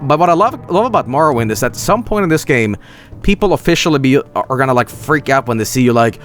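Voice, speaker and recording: A man's voice: mid-range voice, animated, quick pace, faint music behind. A man giving casual, rambling gameplay commentary as a streamer, swearing and laughing often.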